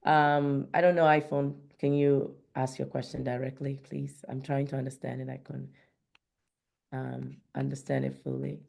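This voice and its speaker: Low gravelly woman hosting. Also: flat delivery, normal speed, a little mellow. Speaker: host. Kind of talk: hosting a webinar. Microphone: video call.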